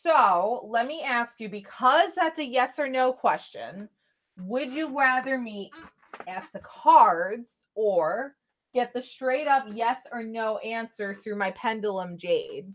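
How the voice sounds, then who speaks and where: A woman's voice: fairly high pitch, expressive, slow pace, fairly bright tone. A woman vlogger giving tarot card readings in a chatty, casual way, talking straight to her viewers.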